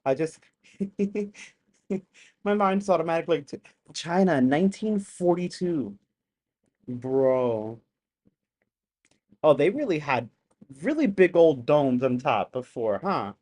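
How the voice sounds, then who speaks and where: A live-stream host casually reacting to old videos, excitable and chatty, bursting into loud exclamations and making apologetic asides to viewers. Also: medium pitch, slow, long pauses.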